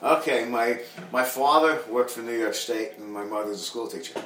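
A man's voice: medium pitch, moderate pace, fairly bright tone, far from the mic, a little hiss or hum. A man guest on a casual podcast, talking bluntly and often repeating and restarting his words. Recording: echoey room, voice away from mic.

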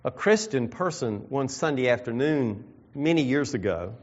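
A man preaching a sermon, reading scripture and slowing down to stress key phrases. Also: medium pitch, lively intonation. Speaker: pastor. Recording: dull lo-fi sound.

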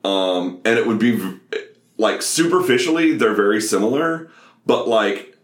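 A man's voice: on the low side, lively intonation, moderate pace, echoey room. A man co-hosting a podcast, chatting casually about a film with many fillers and the odd swear. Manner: rambling, profane, many fillers. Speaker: podcast co-host.

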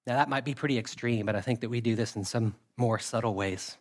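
A man preaching a sermon with a mid-range voice. He talks to the congregation in a relaxed, conversational way and reads scripture in a steady cadence. He leans on repeated phrases to drive his points home. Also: medium pitch, fast. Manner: conversational preaching with emphatic repetition. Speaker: pastor.

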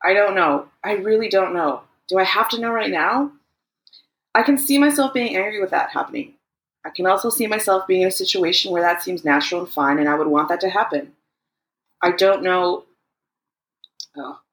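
Hesitant, frank young man from a storybook, halting delivery, voiced by a woman. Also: on the low side, lively intonation, roomy sound.

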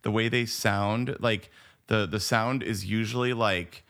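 A man's voice: fairly low pitch, fairly even intonation, a little slow, fairly bright tone. A man co-hosting a movie podcast in casual chat, enthusiastic and rambling, full of "like" and restarts. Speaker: podcast co-host.

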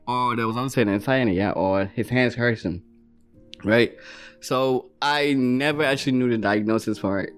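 A young man from Ghana telling his own story in a quick, animated way, his voice slightly altered. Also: mid-range voice, faint music behind. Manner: fast, animated retelling with quoted dialogue. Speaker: guest sharing his story. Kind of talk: personal storytelling.

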